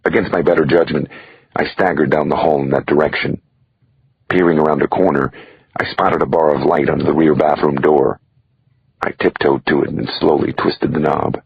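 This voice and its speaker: A man narrates a thriller audiobook in a wry first-person voice that sits extremely deep. His tone is gravelly and heavily husky. The recording is dry and a little dull, like lo-fi audio. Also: steady tone, moderate pace, dry recording.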